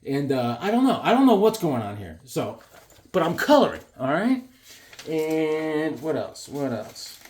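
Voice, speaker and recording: Quick silly voices and shouts keep bursting out as a man casually discusses his drawings and comics for his camera. His pitch, a touch high for a man, swings widely, and his manner is animated.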